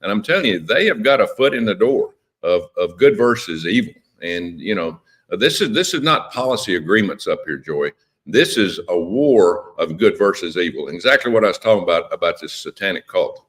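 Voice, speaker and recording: A man's voice: sits low, expressive, moderate pace, a bit bright. A man speaking as a politician guest on a radio interview, impassioned and emphatic, often repeating words.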